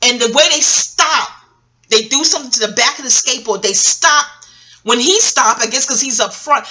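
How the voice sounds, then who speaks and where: A woman's voice: a little high, normal speed, pushed and bright. A woman, telling a profane, laughing story and acting out everyone's lines. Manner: profane, laughing, acts out quotes in many voices. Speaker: vlogger. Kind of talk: animated storytelling rant. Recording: audio-only home vlog.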